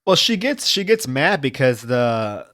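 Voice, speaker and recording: Man, mid pitch, casual plot recap for a film podcast, dry close sound. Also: sing-song, unhurried, fairly bright tone, dry recording. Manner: retells plot scenes with many fillers. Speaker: podcast panelist.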